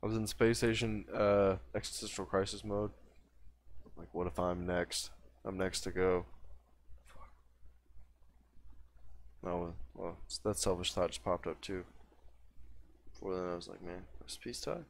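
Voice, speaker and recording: A man streaming a game while high, talking in a loose, rambling way that trails off and restarts mid-thought. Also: little pitch movement, unhurried, pauses often. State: high after smoking. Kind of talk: casual rambling stream chat.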